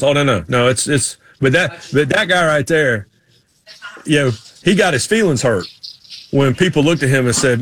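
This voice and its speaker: A man's voice: a little high, lively intonation, a little fast, fairly bright tone. A man from North Carolina with a Southern US accent, hosting a talk show in a chatty, rambling way. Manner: chatty, rambling, laughing along. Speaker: show host. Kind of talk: casual chat.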